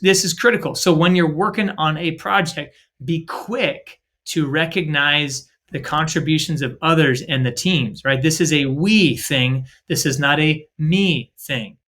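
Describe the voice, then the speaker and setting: A man co-hosting a faith-based podcast, talking in a casual, upbeat, energetic way. His voice sits a bit high and rings bright and forceful. He leans on fillers and acts out little dialogues as he goes. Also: unhurried, few pauses. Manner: lots of filler 'like' and 'right?'. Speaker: podcast co-host.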